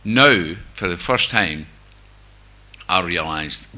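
Telling his own recovery story to a group, an older man from near Glasgow speaks with the local Scottish accent, frank and wryly self-mocking. His voice is low-pitched, bright and forceful, at a moderate pace.

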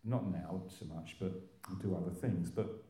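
A man's voice: low-pitched, normal speed, dark tone, reverberant. An older man from England telling his recovery story in a rambling testimony, with restarts and little laughs. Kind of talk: personal testimony talk.

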